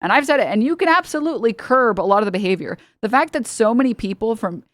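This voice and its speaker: A woman's voice: on the high side, expressive, fast talker, a bit bright, no echo. A young woman from the United States, a streamer giving heated, sarcastic political commentary and laughing between points.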